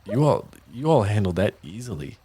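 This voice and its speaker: A man voicing a seasoned mother who calmly reassures everyone she has seen it all. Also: on the low side, normal speed, husky. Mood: proud. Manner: reassuring and matter-of-fact.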